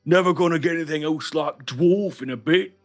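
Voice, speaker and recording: A hulking, brutish ogre squabbling over meat, gruff and loud, as a man doing the voice puts him on. The voice is pushed up in level and sounds set apart from the speaker's usual tone. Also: faint music behind, close to an everyday voice. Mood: gloating. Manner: gruff, deliberately deep put-on voice. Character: hungry brutish male ogres arguing over meat.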